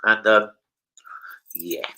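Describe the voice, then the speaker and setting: A football channel host from London, with an accent to match, tells swear-laden, rowdy tales during relaxed live-stream chat, loud and quick to start shouting. He speaks in a lowish voice with drawn-out words, on a rough recording.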